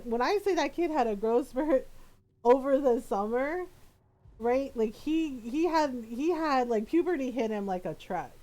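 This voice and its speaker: A woman streamer telling a story in casual chat, animated and laughing often, with plenty of fillers. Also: fairly high pitch.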